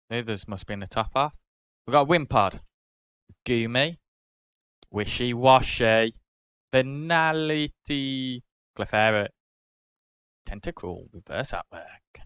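A British man hosting a card-opening video, casually calling out each card and getting excited over good pulls. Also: on the low side, takes it slowly, pauses often, clean tone, dry recording. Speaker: card-opening channel host.

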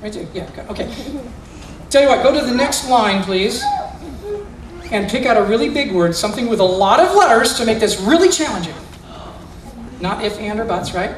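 In a school room or gym, indoors, a male magician leads child volunteers through mind-reading tricks with live, playful, theatrical patter. His high-pitched voice is animated, at a normal speed, broken by long pauses. The background is noisy, and the echoey recording places him far from the mic.

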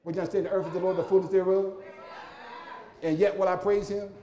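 Animated man, mellow tone. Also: sits high, quick pace. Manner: rhythmic, repetitive preaching with humorous asides. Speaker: pastor. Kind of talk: sermon.

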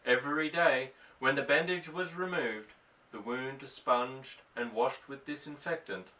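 Audiobook narrator, male, lively delivery with a bright tone, slightly distant mic. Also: medium pitch. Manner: expressive storytelling, voicing each character. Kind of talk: audiobook reading of a novel.

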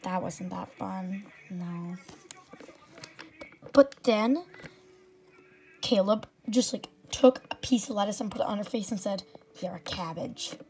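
A woman acting out a toy pet role-play, voicing every character herself and jumping between squeaky high voices and hushed whispers. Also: slow, long pauses. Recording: noisy home recording.

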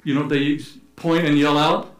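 A man preaching a sermon in a church, telling stories with humor and sometimes shouting out playful calls to act them out, then reading scripture aloud. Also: a little high, level tone, measured pace, soft background music. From United States. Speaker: pastor. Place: church sanctuary. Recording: echoey church room.

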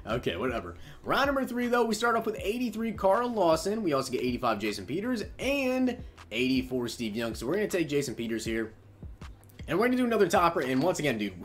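Young man, excitable gaming commentary, slightly high voice, faint background music. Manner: animated, shouts with excitement at big pulls. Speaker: gaming YouTuber opening packs.

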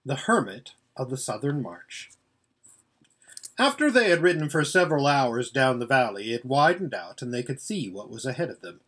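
Male audiobook narrator, husky, lively expressive storytelling. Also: a little high. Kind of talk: audiobook reading.

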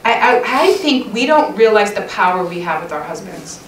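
A woman's voice: mid-range voice, very animated, normal speed, slight background noise. A middle-aged woman telling a chatty, self-mocking story to a church women's session, laughing often. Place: church hall. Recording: roomy hall sound, mic at a distance.

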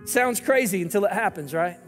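A man's voice: high voice, expressive, fairly quick, fairly bright tone, big-room sound, faint music behind. A man, a lead pastor, giving an earnest, pleading sermon and prayer to viewers watching online.

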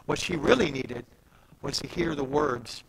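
A man preaching a sermon as pastor, animated and conversational, swinging from soft asides to loud emphatic peaks. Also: a little high, unhurried, creaky, slight background noise, poor audio. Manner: conversational, retells scripture in everyday speech.

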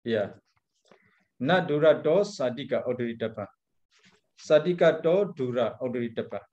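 A man who is a monk teacher, leading an Abhidhamma class in halting English, chanting Pali phrases with careful pauses. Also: mid-range voice, expressive, a little mellow, dull audio.

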